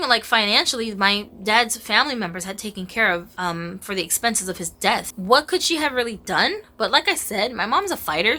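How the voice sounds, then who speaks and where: A woman vlogger telling a personal story in a casual, chatty way, filling her talk with "like" and acting out the dialogue. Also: medium pitch. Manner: casual and chatty, heavy use of "like"; animated, acts out quoted dialogue. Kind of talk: storytime vlog.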